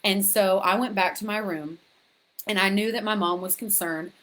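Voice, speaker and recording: A woman's voice: mid-range voice, normal speed. Candid woman telling her own story. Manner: frank, chatty, addresses viewers directly; restarts and repeats words when excited. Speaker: author sharing her story. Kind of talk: candid personal storytelling to camera.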